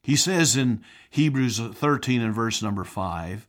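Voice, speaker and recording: A man preaching a sermon, speaking in a measured way and repeating key phrases for emphasis. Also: medium pitch, lively intonation.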